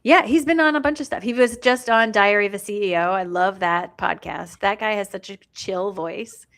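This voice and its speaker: A woman co-hosts a casual live stream, chatting freely and reading viewer comments aloud. Her voice carries a gravelly, creaky texture at a middle pitch. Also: moderate pace, a bit bright.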